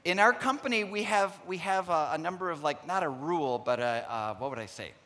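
A middle-aged man preaching a sermon, telling personal stories in an earnest way and pausing to restart his sentences. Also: on the high side, bright, forceful tone. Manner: storytelling, acts out remembered dialogue; earnest, frequent pauses and restarts. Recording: long hall reverb.

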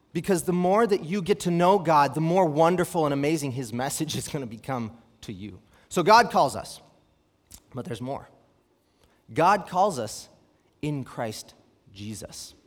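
Young man, preacher, sermon, fairly high voice, animated storytelling, long hall reverb. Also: a little slow. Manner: animated, asks rhetorical questions, reads scripture aloud.

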